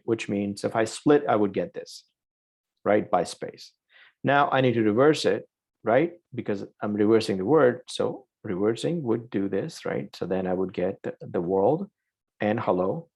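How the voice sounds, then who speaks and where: Male coding instructor with a low, gravelly voice; talks through each step and keeps checking in with "right?". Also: darkish tone. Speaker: programming instructor. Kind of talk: live online coding lesson.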